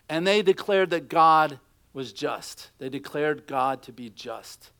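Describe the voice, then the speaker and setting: A man's voice: fairly high pitch, a little slow, vocal fry, fairly bright tone. A middle-aged man preaching a sermon, telling stories and acting out quotes in a conversational way. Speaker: pastor.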